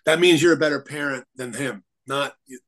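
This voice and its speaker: A man's voice: mid-range voice, brisk, a bit bright, low-quality recording. A male attorney talking as a guest in an interview, telling his story in an earnest, rambling way. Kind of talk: conversational interview.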